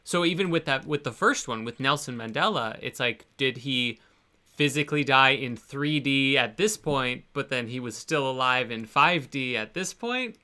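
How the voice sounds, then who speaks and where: A man's voice: medium pitch, animated, moderate pace, pushed and bright, smooth. A man hosting an interview, enthusiastic and casual, searching for words with many likes and restarts. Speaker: show host.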